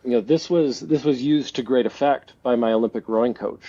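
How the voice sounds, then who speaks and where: Mellow-voiced Canadian man, reflective. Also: medium pitch, fairly quick, slightly rough. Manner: reflective, laughs often, many restarts. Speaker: guest. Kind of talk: casual interview talk. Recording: slightly dull lo-fi audio.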